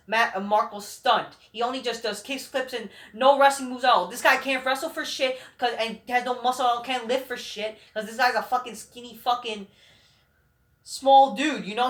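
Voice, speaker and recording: A man's voice: very high-pitched, a bit bright. Man ranting with heavy swearing. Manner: rambling, heated, full of swearing and restarts. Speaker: vlog host. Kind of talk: profane rant. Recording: roomy echoing room.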